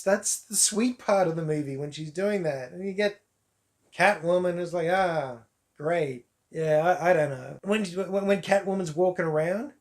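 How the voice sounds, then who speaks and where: Aussie guy with a fairly high voice ranting about a movie, sarcastic and over the top, chuckles a lot. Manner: wry, exaggerated, laughs at what he mocks. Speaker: movie reviewer. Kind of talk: casual spoken movie review.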